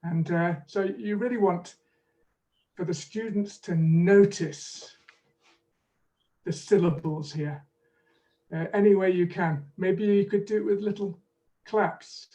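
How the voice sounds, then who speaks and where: High-voiced, unhurried male teacher. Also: dark tone, recorded from a distance. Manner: measured and explanatory, leads drills. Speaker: pronunciation teaching expert, webinar guest. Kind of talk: online teaching webinar with demonstrations.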